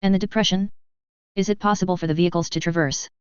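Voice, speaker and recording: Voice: mid-range voice, steady tone, quick pace, smooth, dry recording, highs cut off, lightly acted. A narrator voicing a cold, calculating young female officer.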